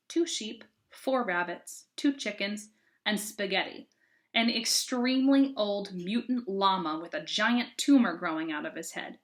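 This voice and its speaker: A woman reads a novel aloud for a sixth-grade class, telling it in an expressive, casual way. Her voice is bright and clear. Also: medium pitch.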